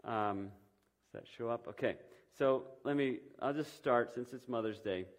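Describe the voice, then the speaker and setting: A male pastor preaches in a church in a loose, conversational way. He pauses often with ums and restarts his sentences as he talks, his voice sitting at a middle pitch. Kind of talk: sermon.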